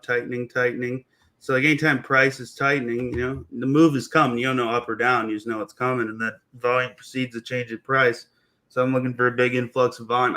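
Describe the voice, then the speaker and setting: Young guy breaking down stock charts, laid back, talks in slang, mid-pitched voice. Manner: relaxed, explains plainly with slang. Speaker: guest trader. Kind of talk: casual chart analysis on a livestream.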